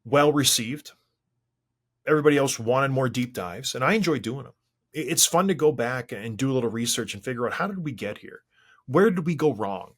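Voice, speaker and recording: A man's voice: lively intonation, brisk, slightly rough. A man in his forties hosting a casual solo podcast, talking in a rambling, conversational way with restarts. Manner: rambling and conversational, with frequent restarts and swings of pitch. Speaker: podcast host.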